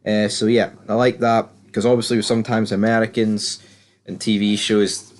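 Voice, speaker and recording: A British man with a fairly low voice talks through a TV episode in a loose, rambling recap. He's opinionated and sweary, jumping from scene to scene with plenty of "like" and asides. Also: little pitch movement, moderate pace, a little mellow. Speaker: TV series reviewer. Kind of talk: casual episode recap commentary.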